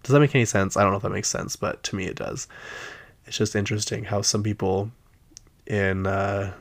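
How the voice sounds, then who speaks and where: Man with a Utah accent, lowish voice, casual rambling host. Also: level tone, a little fast. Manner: chatty, exasperated, lots of fillers. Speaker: podcast host. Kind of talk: casual pop-culture chat.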